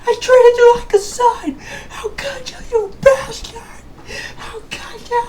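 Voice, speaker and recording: A heartbroken old king, wails his lines in a cracked, far higher register, sobbing and shouting. His voice leaps wildly up and down. It is told as a homemade spoken fantasy tale. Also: sing-song, a little slow, heavy background noise. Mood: wailing.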